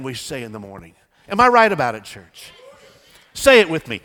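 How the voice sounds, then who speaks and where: A man preaching a sermon as pastor, swinging from hushed pleading to loud declaration. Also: fairly high pitch, very animated, brisk. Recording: long church reverb.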